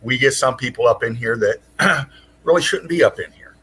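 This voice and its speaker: A man co-hosting a casual online chat who speaks in a laid-back drawl, relaxed but firm when he sets out the forum rules. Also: medium pitch, moderate pace, breathy edge. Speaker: co-host and forum moderator.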